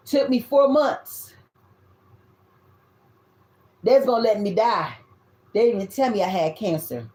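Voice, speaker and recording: A woman in her fifties with a Southern US accent, giving a tarot reading in loud, blunt, casual talk and swearing freely. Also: mid-range voice. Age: 50s. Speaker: tarot reader. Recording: echoey room.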